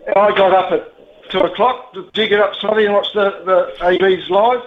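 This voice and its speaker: A man's voice: sits high, fairly even intonation, normal speed. A man with a New Zealand accent calling in to a radio show, talking bluntly and emotionally, rambling and swearing casually. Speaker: radio caller. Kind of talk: casual phone-in chat. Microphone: telephone. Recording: tinny phone line.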